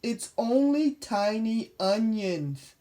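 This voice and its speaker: A woman voicing a calm, sensible male dog in a read-aloud storybook, reassuring and matter-of-fact. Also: a little high, takes it slowly, pitched above the performer's own voice.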